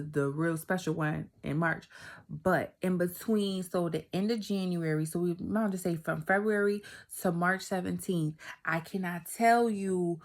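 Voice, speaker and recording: A woman vlogger sharing a personal faith testimony in an emotional, chatty way, talking straight to her viewers and sometimes dropping to a whisper. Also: fairly low pitch. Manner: emotional, heartfelt storytelling, drops to a whisper at times; chatty, addresses viewers directly.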